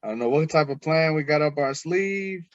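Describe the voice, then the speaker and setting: Animated man hosting a sports podcast. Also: a little high, moderate pace, no echo, muffled recording. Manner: animated, teasing, mimics others' voices. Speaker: podcast host. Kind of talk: casual sports podcast chat.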